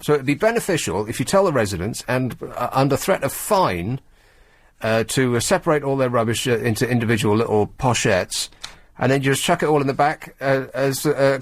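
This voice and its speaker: A man with a mid-range voice, speaking at a normal speed, hosts a late-night talk radio show. Into a studio microphone, he riffs sardonically on news stories, tossing in mocking asides.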